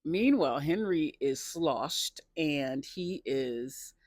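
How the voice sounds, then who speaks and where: A man casually recapping a TV episode, chatty and laughing often, with excited personal asides. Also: fairly high pitch, slow, no echo, clean studio sound.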